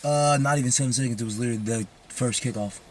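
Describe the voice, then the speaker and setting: A man's voice: mid-range voice, fast. A man in a car chatting casually and rambling, with lots of fillers and trailing off. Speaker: football player. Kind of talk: casual chat.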